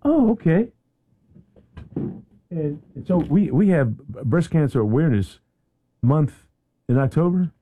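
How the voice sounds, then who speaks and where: A man's voice: a little high, slow pace, pauses often, husky, no room sound, narrow, tinny audio. A man hosting a radio talk show in a studio, chatting casually and often repeating words as he goes. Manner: animated, repeats words and restarts.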